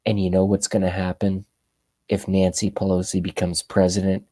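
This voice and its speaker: A man's voice: low voice, monotone, normal speed, warm tone, no echo. A man in his thirties hosting a political livestream, ranting sarcastically and rambling as he talks to his chat. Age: 30s. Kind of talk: ranting opinion commentary.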